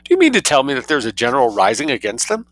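A man voicing a flustered, stuffy middle-aged gentleman who splutters in indignant shock. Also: mid-range voice, huge pitch swings, very fast, dry recording, pitched above the performer's own voice, rough recording.

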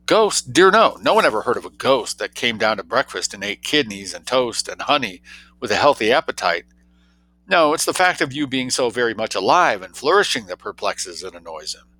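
A man reading an audiobook, voicing a droll young gentleman who tells tall tales in an arch, quick, mock-grave way. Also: medium pitch, big pitch swings, voice pushed up, low-quality recording.

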